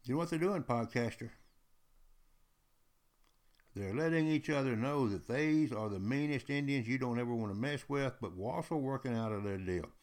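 A man telling a history story aloud in a lively, folksy way, speaking straight to the listener. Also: medium pitch, moderate pace. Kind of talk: oral storytelling.

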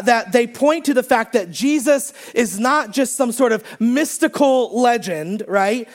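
A man with a high voice delivers a relaxed, conversational sermon from a church stage. He talks easily and jokes with the congregation, with many small fillers and restarts as he goes. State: recovering from strep throat. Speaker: pastor. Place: church sanctuary under stage lights.

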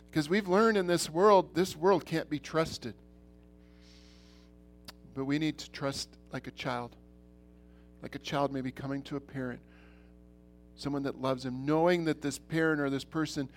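A middle-aged man preaching a church sermon, earnest, repeating himself, swinging between loud and soft. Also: medium pitch. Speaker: pastor.

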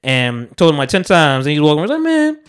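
A man hosting a podcast, chatting casually and telling animated stories with acted-out quotes. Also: fairly high pitch, quick pace, smooth. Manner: animated storyteller, acts out quotes. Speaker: podcast host. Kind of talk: casual chat.

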